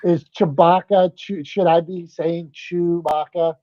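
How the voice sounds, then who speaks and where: A man with a regional American accent hosting a casual podcast chat, playful and excitable, often restarting his sentences. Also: on the high side, takes it slowly, no room sound. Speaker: host. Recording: slightly dull lo-fi sound.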